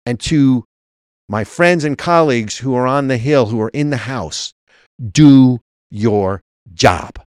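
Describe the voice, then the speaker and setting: A man's voice: medium pitch, normal speed, clear, resonant tone, no room sound, studio quality. A man co-hosting a political talk show, arguing emphatically and reading legal text aloud. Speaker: co-host.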